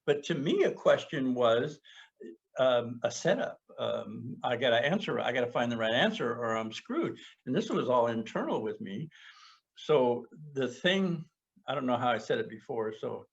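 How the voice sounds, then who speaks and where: A man's voice: mid-range voice, lively intonation, moderate pace, gravelly. A middle-aged man talking in a reflective, earnest way in a casual conversation. He often stumbles and repeats words while he searches for his thoughts. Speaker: podcast co-host sharing personal experience. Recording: muffled lo-fi podcast audio.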